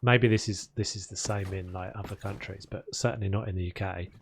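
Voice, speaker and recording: A man's voice: on the low side, fairly even intonation, fairly quick, a little hiss or hum. A man streaming a video game, chatting casually and rambling between topics as he builds. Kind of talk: casual chat while playing.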